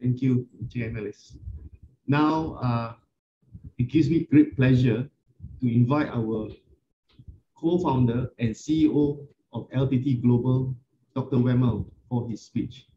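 A man's voice: medium pitch, measured pace, roomy sound, lo-fi sound, slight background noise. A man hosting an online event, formally introducing the next speaker. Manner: polite, formal. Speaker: event host, emcee.

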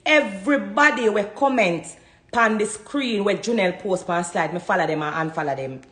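A woman's voice: mid-range voice, normal speed, a bit bright, reverberant. A woman with a Jamaican Patois accent, ranting to camera as a vlogger, fiery and defiant, hammering her points with repetition. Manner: fiery, defiant, repeats herself for emphasis. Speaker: social media vlogger. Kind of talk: heated rant to camera.

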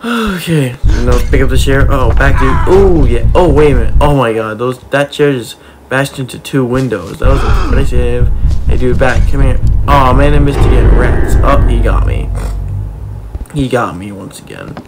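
A man giving playful, excitable commentary as he plays a video game, talking to the characters and cheering his own moves. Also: medium pitch, normal speed, music in the background. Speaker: gaming YouTuber.

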